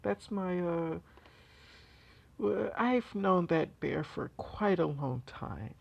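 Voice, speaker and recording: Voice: mid-range voice, lively intonation, slow pace, gravelly, dull audio, voice pushed up, full character voice. A narrator doing a doting, secretive mother. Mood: soothing. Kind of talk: casual fan story retelling.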